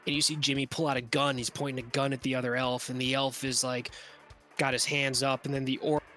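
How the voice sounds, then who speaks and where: A man's voice: mid-range voice, little pitch movement, brisk, sharp tone, faint music behind. A man as game master, narrating a tabletop game in a casual, vivid, profane way.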